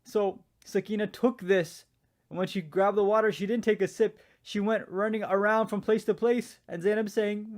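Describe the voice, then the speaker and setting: A man with a high, light voice tells a religious story at a mourning gathering. He acts out each quoted voice with rising pitch and force. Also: fairly even intonation, moderate pace.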